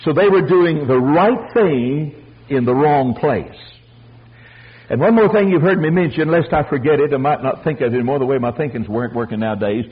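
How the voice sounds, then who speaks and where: An older man preaching a folksy storytelling sermon, animated and acting out the voices of the people in his stories. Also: medium pitch, normal speed, slightly rough, narrow, tinny audio. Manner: animated, acts out voices, chuckles.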